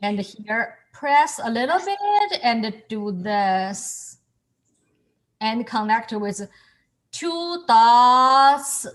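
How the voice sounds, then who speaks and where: A woman's voice: fairly high pitch, sing-song, extremely slow. A woman teaching a student over a video call, explaining patiently and encouraging the student as she repeats each word. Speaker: calligraphy and Chinese teacher. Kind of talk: online lesson explaining to a student.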